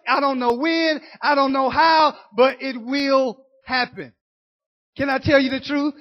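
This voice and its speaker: A woman preaching a sermon, impassioned and teasing her congregation, rising to shouts. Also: high voice. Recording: dull lo-fi recording.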